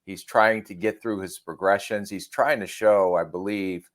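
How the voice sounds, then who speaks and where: A man co-hosting a podcast, giving measured analysis with self-deprecating humor. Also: on the low side, steady tone. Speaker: podcast co-host and draft analyst. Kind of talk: casual podcast chat.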